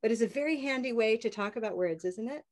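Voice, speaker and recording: A woman with a North American accent teaching English pronunciation in a live online lesson, upbeat and stretching out example words slowly. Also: fairly high pitch, expressive. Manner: upbeat, drawn-out modeling of sounds.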